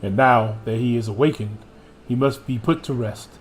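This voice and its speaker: A man's voice: mid-range voice, normal speed, a little hiss or hum. A man streaming a video game who reads the cutscene dialogue aloud in a theatrical way and jokes with his chat between lines. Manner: theatrical reading, playful asides to chat. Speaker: gaming streamer.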